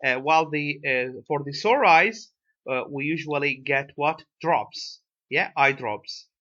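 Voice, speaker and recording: A male English lecturer with an Iraqi Arabic accent, explaining a lesson slowly and filling pauses with "uh" and "right?". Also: a little high, bright, forceful tone. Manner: hesitant, many fillers, tag questions like "right?". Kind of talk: recorded lecture. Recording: dull lo-fi lecture recording.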